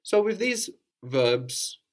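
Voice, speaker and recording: A man's voice: high voice, big pitch swings, drawn-out words. A man teaching a language lesson, patiently asking questions and often ending with "no?".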